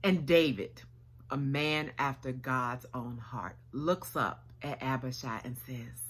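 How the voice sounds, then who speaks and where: A woman's voice: extremely low pitch, slow, a little hiss or hum. A woman preacher giving a sermon, retelling a story with acted dialogue and casual slang.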